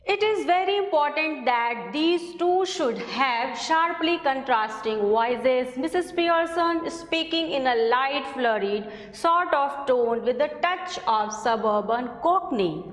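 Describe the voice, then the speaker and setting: A woman teacher with an Indian English accent explains a play to her students at an unhurried, careful pace. Her voice sits high. The recording is echoey, with a long reverb ringing around her. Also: expressive. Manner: slow, explanatory, addressing students as children. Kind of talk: classroom lesson explaining a play.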